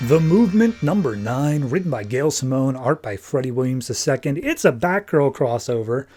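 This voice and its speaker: A man's voice: medium pitch, animated, normal speed, a little mellow, faint music behind. Rambling man reviewing comics. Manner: rambling, filler-heavy, offhand. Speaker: comics podcast host. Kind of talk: casual comic book review.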